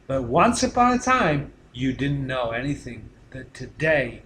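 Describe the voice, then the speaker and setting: A man giving a motivational teaching talk, emphatic, often dropping to a quiet voice for effect. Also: medium pitch, sing-song, unhurried, echoey room, a little hiss or hum. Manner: emphatic, with dramatic drops to a quiet voice. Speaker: speaker teaching a session.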